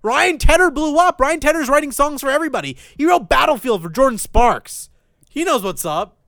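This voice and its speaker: A man's voice: expressive, brisk, fairly bright tone, no room sound, studio quality. A man hosting a radio show, bantering in a brash, profane, mocking way. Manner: brash, profane, mocking, jumps into falsetto mimicry. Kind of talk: crude casual banter.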